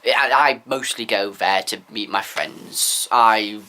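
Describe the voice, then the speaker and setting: A man's voice: on the low side, takes it slowly, bright, forceful tone. Candid man vlogging. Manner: candid, opinionated, rambling. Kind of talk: casual opinion vlog.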